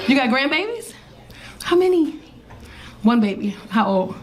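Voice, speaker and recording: A woman's voice: sits high, big pitch swings, unhurried, a little hiss or hum. A brash, profane woman in her thirties with a New York accent, doing stand-up comedy and teasing the crowd on a club stage. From South Bronx, New York. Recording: live club recording with loud crowd laughter.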